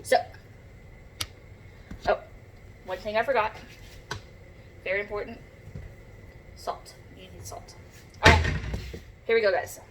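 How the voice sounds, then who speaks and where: A woman's voice: mid-range voice, steady tone, slow, long pauses, heavy background noise. A woman with a Southern US accent, chatting and rambling through a homey cooking demo in her kitchen, recorded on a propped-up phone. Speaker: home cook. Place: home kitchen.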